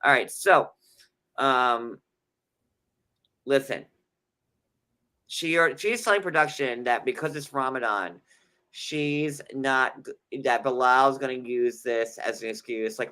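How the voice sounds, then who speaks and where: Male co-host with a bright tone, animated, recapping reality TV casually. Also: medium pitch, slow, pauses often, smooth. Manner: animated, slips into playful impressions.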